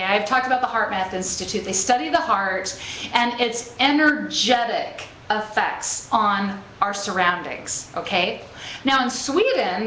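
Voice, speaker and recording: A spiritual speaker, this woman has a slightly high, somewhat bright voice and addresses a live group with an encouraging, conversational talk. Stories come with easy laughs, and she checks in often with "right?" and "okay?" The room echoes, with faint noise in the background.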